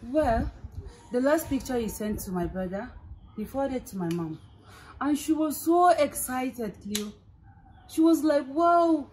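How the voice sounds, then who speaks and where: A woman's voice: sits high, lively intonation, a little slow, long pauses, a little hiss or hum, low-quality recording. An actress playing a pleading Nigerian woman. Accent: Nigerian English. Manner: coaxing, pleading. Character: pleading young woman, her brother's go-between. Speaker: actress in a film scene. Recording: film scene with loud background music.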